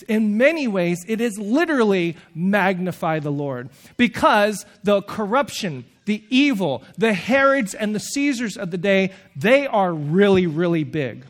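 High-voiced, animated male preacher. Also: unhurried, few pauses. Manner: animated, acts out quoted voices. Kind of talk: sermon.

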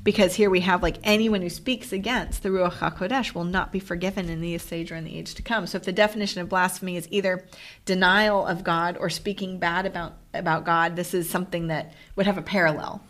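A woman, a pastor co-hosting a podcast, asking curious questions and reading scripture in a relaxed conversational manner. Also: lowish voice, brisk. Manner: curious, asks follow-up questions, reads scripture aloud. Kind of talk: casual theological conversation.

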